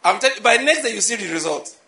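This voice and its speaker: Bright-voiced preacher, echoey hall. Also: male voice, sits high, very fast, gravelly. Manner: animated, repetitive preaching with rhetorical questions. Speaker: pastor. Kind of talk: sermon.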